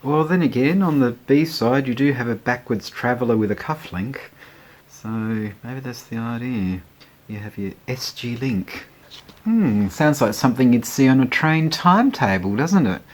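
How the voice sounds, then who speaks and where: Man, casual record-collector chat, rambling, chuckles a lot, mid pitch. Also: expressive, normal speed. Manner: chatty, rambling, often chuckling.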